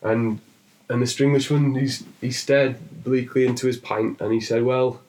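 Halting, self-deprecating joke teller. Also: male voice, mid-range voice, fairly even intonation, a little mellow, low-quality recording. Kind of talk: casual improvised storytelling.

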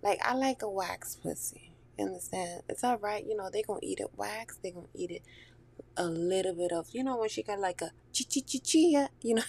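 A woman's voice: mid-range voice, a little fast, a little mellow. A woman talking candidly and profanely in a casual chat, laughing often and dropping into whispery asides.

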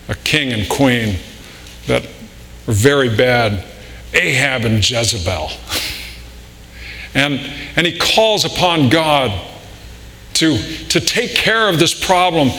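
A man preaching a sermon in a slow, deliberate way, often repeating and restarting words. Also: fairly high pitch, sharp tone. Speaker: pastor. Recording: long reverb in a large hall, faint room noise.

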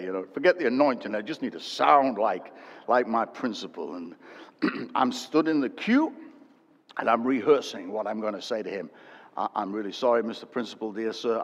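An older man preaching a sermon, telling a story animatedly and swinging from loud to hushed. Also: medium pitch. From England. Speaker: pastor. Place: church hall. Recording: dull echoey church hall recording.

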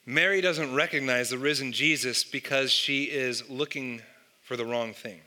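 A man's voice: mid-range voice, normal speed, sharp tone. A man preaching a sermon, telling an illustration and asking the listeners rhetorical questions. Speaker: pastor.

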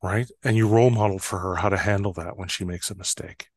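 A man on a podcast talks in a calm, measured way, reflecting on trust. His voice sits on the low side and is recorded dry, close to the microphone. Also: dry recording. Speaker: podcast guest, trust expert. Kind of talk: reflective conversation.

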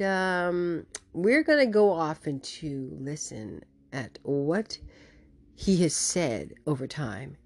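Low-voiced woman, emphatic commentary. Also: no echo. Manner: emphatic, animated, with many restarts. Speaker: host. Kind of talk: casual commentary vlog.

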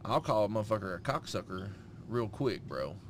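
A man's voice: lowish voice, big pitch swings, brisk, slight background noise. A middle-aged man co-hosting a podcast, telling a story in casual chat with heavy swearing. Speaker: podcast co-host.

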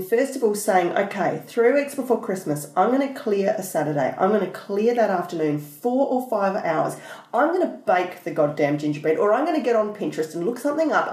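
A woman's voice: medium pitch, a little mellow. Chatty woman telling stories in a roomy space. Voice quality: chatty, storytelling, rambling with fillers. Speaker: podcast co-host. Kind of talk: casual chat. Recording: roomy echo.

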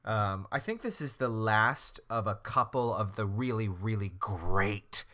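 A man's voice: lowish voice, animated, measured pace, sharp tone. A man co-hosting a podcast, chatting casually with sassy, campy asides. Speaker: podcast co-host. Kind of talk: casual chat.

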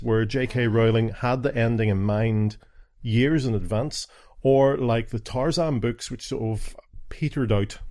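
A man's voice: medium pitch, a little mellow. A middle-aged man hosting a casual family podcast, chatting and explaining TV shows to his kids, often stumbling and restarting. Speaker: podcast host and father.

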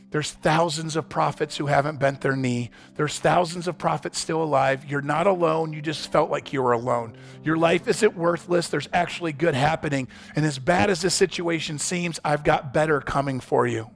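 A man preaching a sermon as pastor, impassioned, swinging between loud pleading and low, quiet quoting. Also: normal speed, vocal fry.

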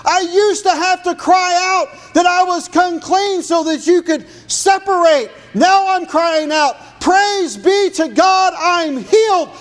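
A preacher acting out a shouting healed leper. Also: male voice, extremely high pitch, takes it slowly, few pauses, voice pushed up. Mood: jubilant shouting. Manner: loud, strained shouting. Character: desperate healed male leper crying out.

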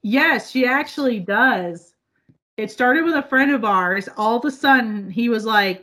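A woman from the northern US, chatting casually as a podcast co-host, loud, laughing often and swearing freely. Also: on the high side, animated, unhurried. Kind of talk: casual chat.

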